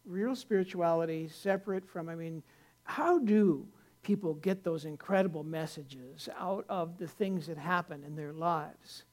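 A man's voice: sits high, darkish tone. Folksy older male pastor preaching. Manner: folksy and rambling, with many restarts, rising to earnest emphasis. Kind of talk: conversational sermon.

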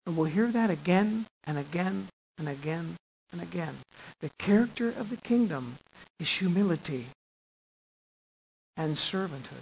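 A man preaching a sermon as pastor, animated, swinging from hushed tones to loud emphasis and often repeating words. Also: on the high side, normal speed, creaky, long pauses, lo-fi sound, a little hiss or hum.

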